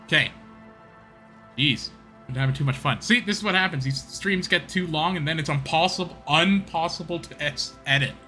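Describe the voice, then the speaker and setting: A young Canadian man with a British Columbian accent chats on a live stream in a slightly raised, bright and forceful voice. He is loose and tangent-prone, and faint game music runs under his talk. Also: fairly high pitch. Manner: chatty, tangent-prone, quick to laugh. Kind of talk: casual live-stream chat.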